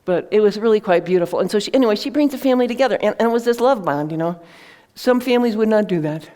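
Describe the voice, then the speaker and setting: A woman's voice: medium pitch, animated, rapid-fire, warm tone. A woman author telling a heartfelt story to an audience in an earnest, conversational way, with fillers and restarts. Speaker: author presenting her book.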